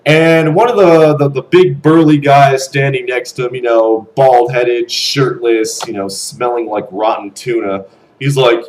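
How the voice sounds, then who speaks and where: A young man around twenty ranting bluntly to camera, animated and swearing freely. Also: medium pitch, measured pace, rough recording. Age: young adult. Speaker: vlogger. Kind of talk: casual rant to camera.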